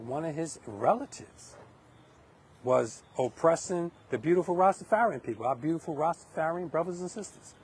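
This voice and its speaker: A man's voice: fairly high pitch, a little mellow, a little hiss or hum. Emphatic middle-aged New man. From Hempstead, Long Island, New York. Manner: emphatic, preachy, restarts a lot. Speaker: livestream host. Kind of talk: live political monologue.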